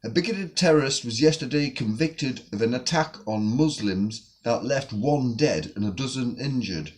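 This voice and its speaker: A man's voice: mid-range voice, lively intonation, normal speed, a little mellow, slightly rough. A man delivering a profane, sarcastic rant on his own video channel. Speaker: vlogger. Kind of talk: angry ranting vlog.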